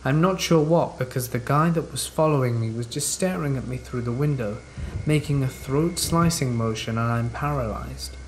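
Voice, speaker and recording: A man reading scary stories aloud in a measured, steady scripted narration. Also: mid-range voice, slight background noise, poor audio. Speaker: horror story narrator. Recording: rain sounds under the narration. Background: rain.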